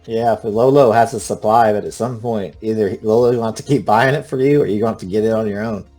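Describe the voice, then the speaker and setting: A man narrating a tabletop role-playing game as game master, halting often with uh and um. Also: on the low side, mellow, soft background music. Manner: halting, full of uh and um.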